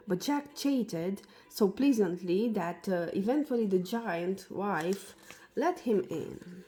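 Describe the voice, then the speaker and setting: A woman reads a children's fairy tale aloud at a very slow, careful pace. Her voice sits at an ordinary middle pitch. Soft music plays faintly behind her. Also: lively intonation. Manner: slow, deliberate storybook reading. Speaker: storyteller.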